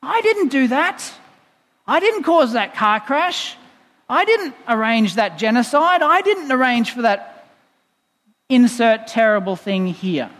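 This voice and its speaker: A man's voice: very high-pitched, wildly swooping pitch, takes it slowly, creaky, big-room sound, exaggerated voice. A man voicing God as a grieved, insistent male figure who pleads his case, in a sermon.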